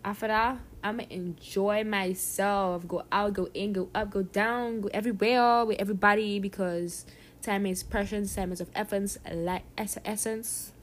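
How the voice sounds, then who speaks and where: A young woman from Saint Martin with a softened Caribbean accent, chatting casually and rambling on her solo podcast, laughing often and dropping slang. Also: mid-range voice, fairly even intonation, normal speed, slight background noise. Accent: Caribbean, softened toward a general English. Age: young adult. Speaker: podcast host.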